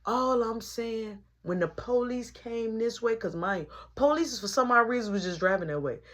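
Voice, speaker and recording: A woman telling a story in a casual storytime monologue, animated and full of sound effects. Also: normal speed. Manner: animated, punctuates with sound effects like boom and boop.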